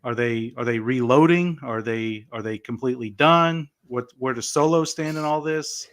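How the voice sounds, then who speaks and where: Bright-voiced animated male podcaster. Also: mid-range voice, moderate pace. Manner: animated, many fillers like "like" and "you know". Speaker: podcast co-host. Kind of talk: casual wrestling podcast chat.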